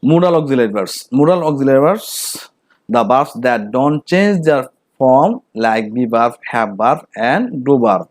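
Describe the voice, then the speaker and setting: A man with a Bengali accent teaching English grammar, reading out each example sentence slowly and saying it again. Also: medium pitch, darkish tone, no room sound. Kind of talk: slow grammar lesson with repeated examples.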